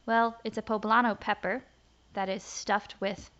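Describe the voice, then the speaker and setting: A woman's voice: mid-range voice, a little slow. Chatty young woman, faint Southern accent. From American South. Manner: chatty, animated storyteller with many fillers. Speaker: podcast co-host. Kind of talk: casual chat. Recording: dull, lo-fi podcast audio.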